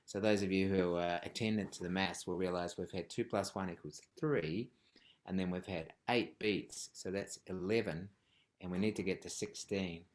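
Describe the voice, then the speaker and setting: A man's voice: low voice, fairly even intonation, normal speed. A man teaching a live online rhythm class over a video call, playful and jokey, with frequent ums and laughs. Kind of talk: live online group lesson.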